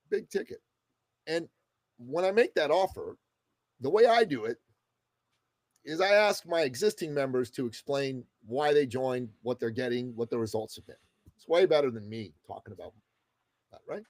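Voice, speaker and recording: A man in his fifties from the Middle East, a guest telling a story in a casual, expressive way and swearing freely. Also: mid-range voice, dry recording. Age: 50s. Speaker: guest entrepreneur. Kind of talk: animated storytelling in conversation.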